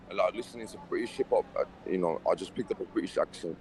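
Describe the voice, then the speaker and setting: A man chatting over an online voice call, his voice sitting fairly low and a clear hiss of noise behind him. He rambles in slangy banter, peppering every line with "mate" and "brother", and puts on a British-style accent. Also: a little mellow. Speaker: guest in voice chat. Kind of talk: casual banter. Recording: voice chat with clear background noise.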